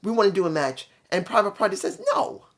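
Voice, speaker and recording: A man's voice: high voice, fast. A man giving a casual spoken review, blunt and opinionated, rambling from point to point. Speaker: wrestling show reviewer.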